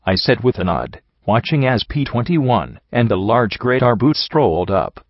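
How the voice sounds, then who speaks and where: A man reading a fan fiction story aloud with steady storytelling, on a dull, dry recording. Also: medium pitch, normal speed, hardly any pauses, no echo. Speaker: audiobook narrator.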